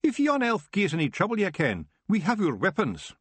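A man's voice: high voice, wildly swooping pitch, moderate pace, dry recording, pitched above the performer's own voice, full character voice. A man doing a cheerful Scottish pixie warrior. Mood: threatening. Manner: gruff, boisterous. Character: small cheerful Scottish male pictsie warrior.

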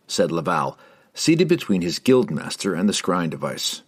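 A man narrating a fantasy novel in a measured, expressive reading. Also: extremely low pitch, husky. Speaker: audiobook narrator.

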